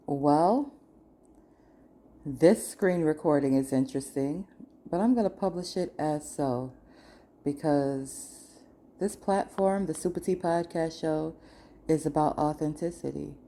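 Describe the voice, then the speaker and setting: A woman's voice: low voice, slow, pauses often, warm tone. A woman podcast host giving an emphatic, repetitive motivational spiritual monologue. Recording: noisy screen recording.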